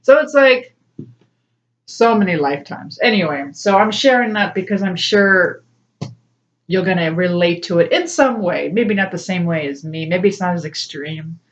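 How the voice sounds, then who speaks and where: In a muffled recording, a woman with a fairly low, animated voice speaks at a moderate pace. As a spiritual coach and tarot reader, she chats personally and casually to camera, often laughing and mimicking voices whenever she quotes someone.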